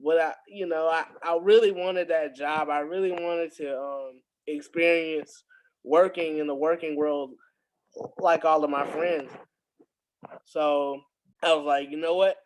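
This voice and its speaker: A man's voice: a little high, a little slow, poor audio. A young adult man, a podcast guest, telling a story in casual talk, laughing often and acting out the dialogue. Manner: animated, laughs often, acts out quoted dialogue.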